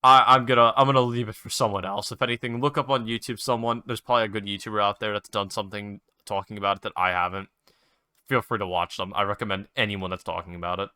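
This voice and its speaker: A man's voice: lowish voice, fairly even intonation, fast talker, pushed and bright, clear, resonant tone, no room sound, studio quality. A young man hosting his own show, ranting and rambling in a casual, exasperated way while playing a game, with lots of swearing. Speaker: host.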